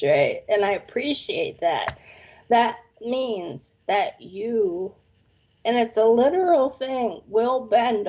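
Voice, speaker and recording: A woman's voice: medium pitch, darkish tone, muffled recording. A woman doing a casual live palm reading, chatty and playful with slangy phrases. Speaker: psychic palm reader.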